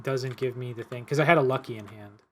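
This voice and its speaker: A man playing a board game, chatting casually in a hesitant, halting way. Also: mid-range voice. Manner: hesitant, many fillers and restarts. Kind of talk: casual chat.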